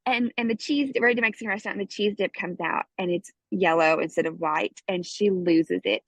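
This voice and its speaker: With a brisk, mid-range voice, a woman in her thirties shares a family anecdote as a guest on a parenting show, where she is a course student. It's casual interview storytelling, full of lively impressions of herself and her child, captured in a dull, dry, close-miked recording.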